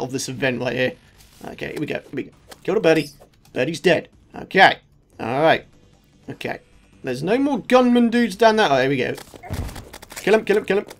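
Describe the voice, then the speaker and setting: Excitable guy narrating his gameplay. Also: sits high. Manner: excitable, shouts at enemies, lots of repetition. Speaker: gaming YouTuber. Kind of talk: let's play commentary.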